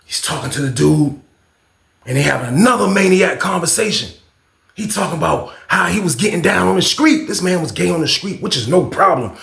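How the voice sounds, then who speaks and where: A man spins a casual storytime, animated and full of profanity, leaning on the same catchphrases again and again. His voice sits a bit high, with a gravelly edge. It rings off the walls of an echoey room. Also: a little fast. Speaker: storyteller, channel host.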